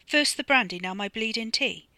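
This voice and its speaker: A woman voicing a gruff, sardonic middle-aged man who swears casually, recorded close and dry. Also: lowish voice, brisk, pushed and bright, no room sound.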